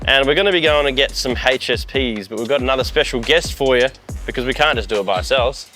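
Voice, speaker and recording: A man's voice: medium pitch, fast talker, pushed and bright, faint music behind. A man with an Australian accent hosting a casual car vlog from inside a car, laid-back and using local slang. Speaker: host.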